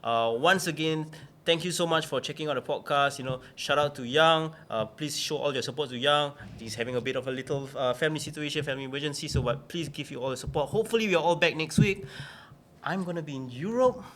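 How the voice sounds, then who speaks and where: A man with a slightly higher voice hosts a casual podcast chat, upbeat and eager to hype things up. He keeps the talk moving with quick "okay"s and "very interesting"s. A faint room ambience sits under his voice. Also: a bit bright, slight background noise. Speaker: podcast host.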